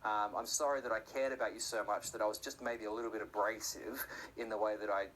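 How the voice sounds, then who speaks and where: A man giving a conversational sermon, often slipping into quick acted-out voices for the people in his stories. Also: fairly even intonation, fairly bright tone, a little hiss or hum, rough recording. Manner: conversational, acts out voices with sudden high-pitched outbursts. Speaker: preacher.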